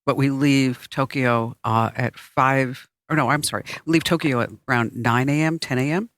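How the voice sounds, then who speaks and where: A man co-hosting a podcast chats casually and loosely, using lots of fillers. His mid-range voice is steady, fairly bright and moderately paced, recorded dry with clean studio sound.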